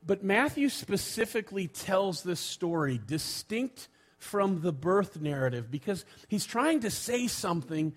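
A man preaching a sermon as pastor, conversational and unhurried, pausing often with fillers. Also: high-pitched, big pitch swings.

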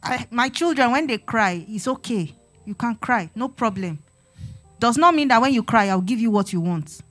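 A woman's voice: fairly high pitch, animated, normal speed. An earnest woman preaches to a congregation in a sermon-style teaching. She exhorts her listeners and repeats phrases for emphasis. Faint music plays behind her. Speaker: church speaker on parenting.

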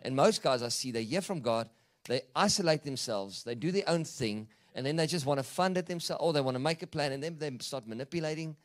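A man's voice: a little high, animated, brisk. A man on a church panel speaking earnestly about faith and accountability. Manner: earnest, preachy.

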